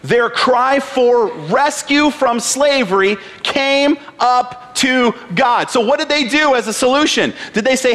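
A male pastor with a notably high voice delivers a sermon. His style is conversational. He keeps asking his listeners rhetorical questions. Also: unhurried, hardly any pauses, a bit bright.

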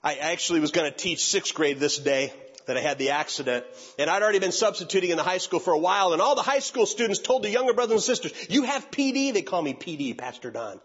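A high, lively man with a slightly husky edge tells a comic story from the stage, leaping between voices as he acts out every character. His voice is bright, and the recording is dull and lo-fi. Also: fast talker. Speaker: youth pastor and speaker.

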